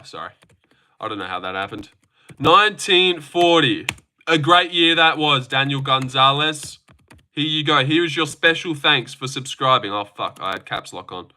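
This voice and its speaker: A man's voice: a little high, sharp tone. A young man hosting a casual live stream from his phone, joking, swearing now and then and answering chat comments.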